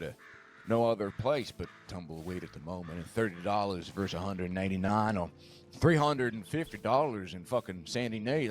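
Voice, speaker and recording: A man's voice: fairly low pitch, lightly acted. A man playing a nervous, self-deprecating frontier man who rambles and swears in a western roleplay. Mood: rambling.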